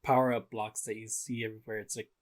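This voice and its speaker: A man co-hosting a casual movie review podcast, rambling and halting, full of fillers. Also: lowish voice, little pitch movement. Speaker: podcast co-host.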